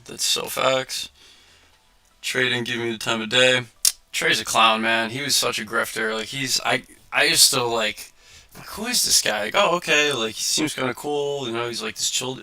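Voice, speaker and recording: A man in his twenties hosting a casual livestream, telling a story with lively acted-out quotes and many filler words. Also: mid-range voice. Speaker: livestream host.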